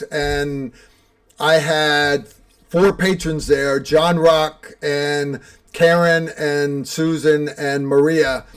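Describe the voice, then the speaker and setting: A man hosting a livestream, chatting casually about a training course and answering a viewer's question. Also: fairly high pitch. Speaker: livestream host reading patron questions. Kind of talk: casual chat.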